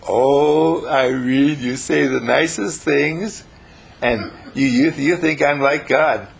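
A woman's voice: rumbling low, slow pace, creaky, breathy edge, full character voice. A man voicing a timid, amazed old churchgoing woman who stammers and hesitates. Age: older.

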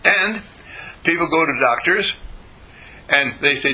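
Older man, husky voice, bright timbre, lively pitch, rambling sermon, folksy asides. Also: normal speed, pauses often, poor audio. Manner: rambling, many fillers and restarts, folksy asides. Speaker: spiritual teacher. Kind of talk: informal sermon to students.

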